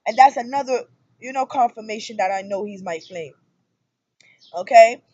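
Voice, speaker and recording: A woman in her thirties talking casually to camera about her relationship, in an animated storytelling manner that jumps up loud for emphasis. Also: on the high side, moderate pace, muffled recording. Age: 30s. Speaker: spiritual vlogger. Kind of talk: casual personal monologue.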